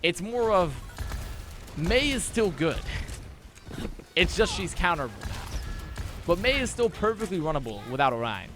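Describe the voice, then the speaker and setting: A young man giving a casual esports match breakdown, talking fast and excitably, with frequent swearing and restarts. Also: high-pitched, music in the background. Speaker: esports analyst.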